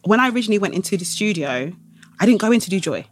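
Lachende, levendige vrouwelijke zangeres. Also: female voice, mid-range voice, racing, a little hiss or hum. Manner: animated storytelling, laughing, acts out quoted voices. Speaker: guest singer. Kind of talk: casual interview chat.

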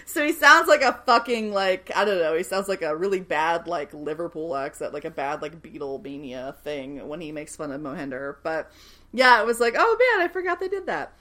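A young woman casually recapping a TV episode, animated and swearing freely as she acts out the characters' lines. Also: deep voice, normal speed. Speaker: podcast co-host recapping a TV show. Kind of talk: casual chat.

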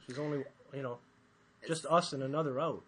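A man's voice: medium pitch, fairly even intonation, fairly quick, slight background noise. A man co-hosting a casual podcast, joking and rambling through banter with his co-host. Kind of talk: casual chat.

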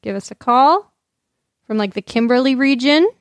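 A woman's voice: high-pitched, expressive, normal speed, no room sound. A woman co-hosting a podcast in casual chat, chatty and reading facts aloud to her co-hosts. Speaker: podcast co-host.

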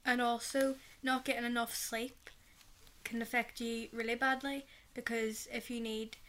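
Bright-voiced teen girl. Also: on the high side, little pitch movement, a little slow, slight background noise. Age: 13, teenager. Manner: earnest, explains in long run-on sentences. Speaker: youth podcast co-host. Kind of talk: casual chat.

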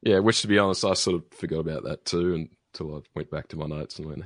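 Low-voiced man co-hosting a podcast. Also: fast, hardly any pauses, no echo, studio quality. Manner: chatty, many ums and restarts. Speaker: podcast co-host. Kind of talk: casual chat, reading listener email.

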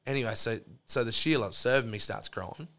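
A man's voice: medium pitch, a little fast, pushed and bright. A middle-aged Australian man, a podcast guest, telling rambling stories in a casual chat and swearing freely, with lots of restarts and asides. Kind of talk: casual storytelling yarn.

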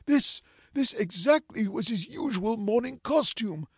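Guy reading a spooky old tale, high voice, breathy, dry close sound. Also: animated, unhurried, no echo. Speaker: narrator. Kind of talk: storybook narration.

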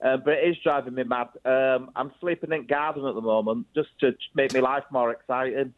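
A man's voice: mid-range voice, steady tone, fairly quick, a little hiss or hum. Jokey man on phone. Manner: jokey, playful. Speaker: comedian guest. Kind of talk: casual phone chat. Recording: tinny phone line.

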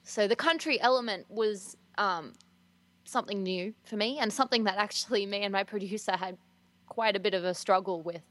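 A young Australian woman talks as a guest musician, chatty and quick to giggle, with plenty of ums. Her voice sits at a middle pitch. The recording is dry, with no room sound. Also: a bit bright, no echo. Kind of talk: casual interview chat.

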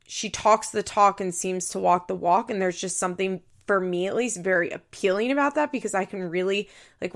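Chatty woman with a gravelly voice. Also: fairly low pitch. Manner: chatty, uses "like" a lot, acts out quotes. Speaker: podcast host. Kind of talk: casual recap chat.

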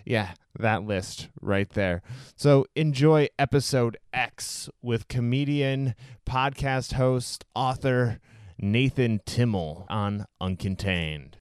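A man's voice: mid-range voice, takes it slowly, smooth, no room sound. A man hosting a podcast, talking in an upbeat, chatty and jokey way on a close microphone. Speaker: podcast host. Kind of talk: casual podcast interview.

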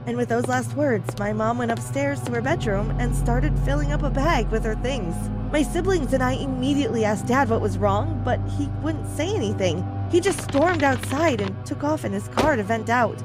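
A woman narrating an animated story in a chatty manner, speaking to the viewer. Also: fairly high pitch, moderate pace, few pauses, music in the background.

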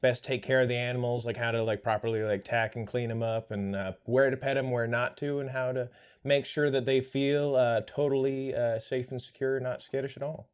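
A man's voice: mid-range voice, steady tone, brisk, clean tone, lightly acted. An easygoing cowgirl doll, played by a man in a tabletop role-play. The talk is folksy and rambling, full of little fillers. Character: easygoing cowgirl Barbie at a petting zoo.

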